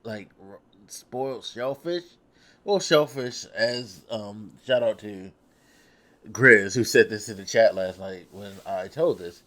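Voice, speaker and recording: A man's voice: on the low side, slow pace, a bit bright. A young man vlogging, telling a story in a loose, profane, self-mocking way. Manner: loose, profane, laughing at himself. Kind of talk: casual storytelling.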